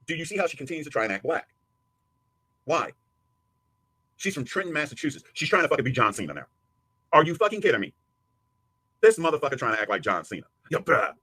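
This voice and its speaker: Husky, mocking man ranting fast. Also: a little high, big pitch swings, bright, forceful tone. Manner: taunting, profane, mocking. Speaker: livestream host. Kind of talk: heated live commentary.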